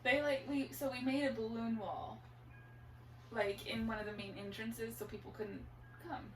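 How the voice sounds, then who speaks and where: A woman tells a family story in easy conversation, laughing often and jumping in with quips. Her voice is fairly high. She sounds distant in an echoey room, with a faint hum behind her. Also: fairly even intonation, normal speed. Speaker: interviewee, daughter. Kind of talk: casual storytelling.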